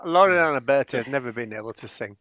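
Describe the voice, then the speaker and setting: A man's voice: medium pitch, lively intonation, quick pace, a bit bright. A man from Bradford hosting a live panel chat, playful and teasing. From Bradford, England. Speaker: panel show host.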